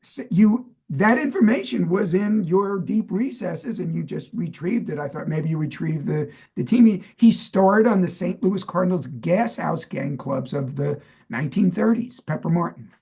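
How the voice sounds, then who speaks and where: New York co-host, husky, gravelly, higher voice, playful quizzer. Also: male voice, expressive, moderate pace, hardly any pauses, dark tone. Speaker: podcast co-host. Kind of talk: casual chat.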